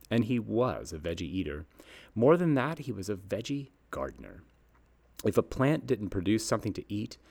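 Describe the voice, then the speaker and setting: A man's voice: deep voice, gravelly. A man in his fifties, a garden nursery host reading his scripted column aloud in a folksy, upbeat storytelling way.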